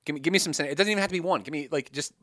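A man's voice: on the high side, rapid-fire, no echo, studio quality. A man hosting a casual podcast interview, rambling through questions with lots of fillers. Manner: animated, rambling, laughs a lot. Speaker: podcast host.

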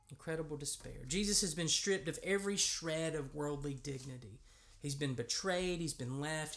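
Creaky-voiced American man preaching. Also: fairly high pitch, fairly bright tone. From United States. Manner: conversational preaching with emphatic rises. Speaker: pastor. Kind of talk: sermon.

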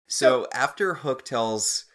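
A man's voice: medium pitch, animated, slow, a bit bright. A man co-hosting a casual recap chat, wry and questioning with dry humor. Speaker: podcast co-host.

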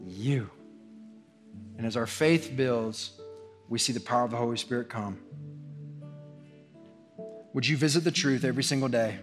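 A man's voice: medium pitch, moderate pace, pauses often. A man preaching a sermon as pastor, earnest and repetitive, his delivery swelling in intensity. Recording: long hall reverb with faint guitar music.

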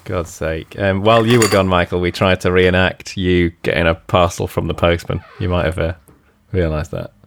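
A man co-hosting a casual podcast, chatty and relaxed, laughing easily. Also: low-pitched, moderate pace, creaky, hardly any pauses, slight background noise. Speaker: podcast co-host.

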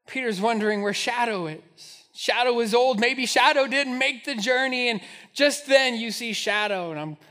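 A man in his thirties preaching a sermon to his church, telling a personal story with animated, self-mocking humor. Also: extremely high pitch, moderate pace. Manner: storytelling, animated, laughing at himself. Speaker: pastor. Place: church sanctuary.

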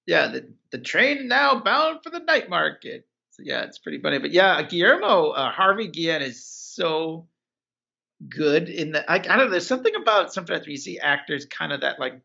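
A man's voice: fairly high pitch, big pitch swings, moderate pace, vocal fry, pushed and bright, lo-fi sound. A man recapping a TV episode in casual podcast chat, rambling with many fillers and acting out the characters' lines.

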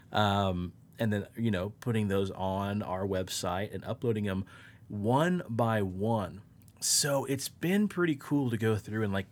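Man, low-ish voice, podcast co-host, casual chat, rambling, profane, upbeat.

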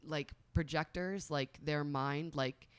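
A woman in her thirties reads oracle cards aloud and chats casually, using many filler words as a tarot and oracle card reader. Her voice is low-pitched and resonant, slow and clear, with fairly even intonation.

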